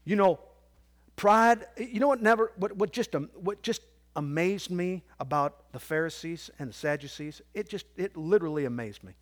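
A man preaching a sermon to his church, swinging from quiet, low asides to loud, squawking outbursts. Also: normal speed. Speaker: pastor.

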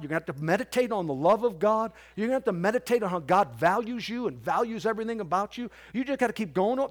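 A male preacher delivering a sermon from the pulpit. His voice sits high and moves all over the place, dropping to near murmurs before leaping into loud, squawking bursts. The delivery is loose and conversational, full of restarts and calls to the congregation. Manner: preacher's swings from quiet to loud, squawking parrot imitations. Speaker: pastor.

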